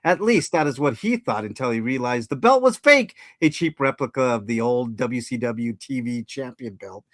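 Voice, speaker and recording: A man's voice: mid-range voice, normal speed, no echo, studio quality. Man reading a wrestling story aloud. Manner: steady reading with slips and self-corrections. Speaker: podcast co-host and story reader. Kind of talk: casual read-aloud storytelling.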